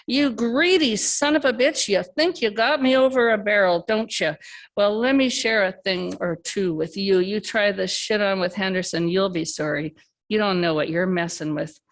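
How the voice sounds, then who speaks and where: A man's voice: sits high, steady tone, normal speed, vocal fry, fairly bright tone. A woman reading a story aloud, voicing a rude, violent male drug dealer who drawls and snarls. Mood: menacing.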